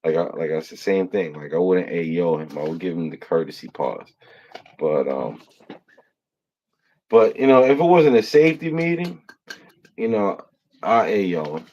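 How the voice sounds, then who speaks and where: A man's voice: low voice, lively intonation, moderate pace, pauses often, a little mellow, highs cut off, slight background noise. A man hosting a casual livestream, rambling through funny stories, swearing and laughing often. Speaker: host.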